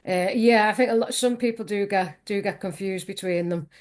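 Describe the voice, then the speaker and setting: A woman from Liverpool with a soft Scouse accent, chatting easily as an interview guest in a sing-songy way with plenty of fillers. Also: mid-range voice, normal speed. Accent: soft south Liverpool Scouse. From Liverpool, England. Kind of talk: casual interview chat.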